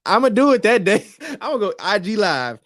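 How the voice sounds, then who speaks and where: Excitable young Memphis man, lively pitch. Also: normal speed, dry recording, studio quality. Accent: Memphis Southern. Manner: excitable, laughing, slangy. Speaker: podcast co-host. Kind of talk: casual chat.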